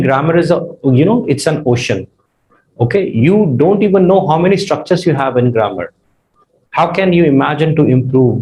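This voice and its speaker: A man's voice: fairly high pitch, a little mellow, rough recording. A man with a partly Australian accent, giving a spoken English lesson as a tutor in an earnest, conversational way, with frequent "you know" fillers.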